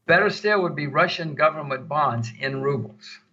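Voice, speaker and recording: A man's voice: fairly high pitch, moderate pace, pushed and bright, breathy edge. An older man answering interview questions about investing, emphatic and repeating words for stress. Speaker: guest investor. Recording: dull lo-fi audio.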